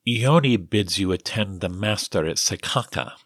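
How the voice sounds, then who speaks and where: A man's voice: on the low side, lively intonation, moderate pace, dry recording, clean studio sound. A man reading the lines of an earnest, businesslike messenger in an audiobook.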